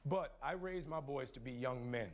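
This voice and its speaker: A man's voice: mid-range voice, moderate pace. A middle-aged father speaking in a firm, proud, declarative way. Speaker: father being interviewed.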